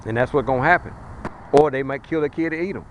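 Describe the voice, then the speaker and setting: A man delivers a fiery street sermon outdoors, talking in a blunt, colloquial and emphatic way as he warns his listeners. His voice sits at an ordinary middle pitch for a man. A faint hiss of traffic noise runs under him. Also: fast talker, muffled recording. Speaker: street preacher.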